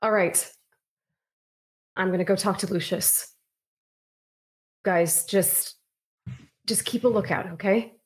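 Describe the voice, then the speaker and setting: A woman's voice: medium pitch, fairly even intonation, slow pace, pauses often. A woman playing a tabletop game, firm and scolding in character. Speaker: player. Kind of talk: tabletop role-play.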